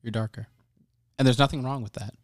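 A man's voice: medium pitch, steady tone, fairly quick. A young man co-hosting a podcast, dryly teasing his friends in casual chat. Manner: dry teasing, laughs. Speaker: podcast co-host.

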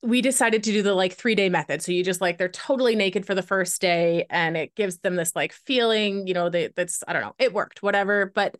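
A woman's voice: medium pitch, a little fast, few pauses, no room sound. Chatty woman guest, dry close sound. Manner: rambling, lots of filler "like". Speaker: podcast guest. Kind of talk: candid conversational storytelling.

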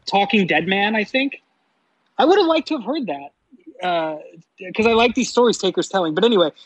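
A man co-hosting a casual wrestling podcast, talking in a lively way, laughing often and mimicking announcers. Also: high voice, a little fast, dry recording, lo-fi sound. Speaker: podcast co-host. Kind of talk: casual chat.

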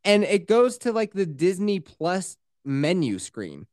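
This is a podcast co-host in loose, swearing, animated chat, recapping scenes and breaking into quick voices for the characters. The voice sits at an ordinary middle pitch, recorded dry and close with no room sound. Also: no room sound. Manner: profane, animated retelling with quoted voices.

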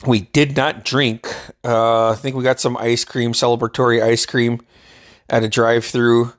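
A man's voice: mid-range voice, level tone, moderate pace. Rambling, profane man telling a story. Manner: rambling and profane, with frequent restarts and chuckles. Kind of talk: casual spoken anecdote.

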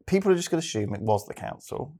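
A man trades jokes in a loose, casual chat. His pitch swings widely as he talks, and he laughs often. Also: big pitch swings, quick pace, mellow. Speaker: podcast co-host. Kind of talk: casual banter.

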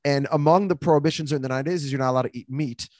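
A man's voice: fairly high pitch, no room sound. A man hosting a podcast in casual chat, joking and teasing as he runs through a list. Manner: joking, teasing, quick and lively. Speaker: podcast host.

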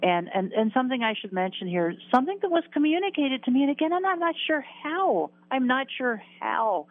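A woman's voice: high voice, sing-song, brisk. Woman in her sixties on a tinny line. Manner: earnest, emotional, repeats words, laughs at herself. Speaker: guest. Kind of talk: recounting a personal near-death story. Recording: tinny phone-line sound.

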